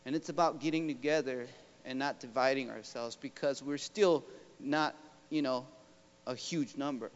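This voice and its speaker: A man's voice: mid-range voice, normal speed, smooth. A man from Oakland, a professor, giving a rallying talk to a community audience and often asking them "right?". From Oakland, California. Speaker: professor and guest speaker. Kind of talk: motivational public talk. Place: large school hall. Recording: dull recording with long hall reverb.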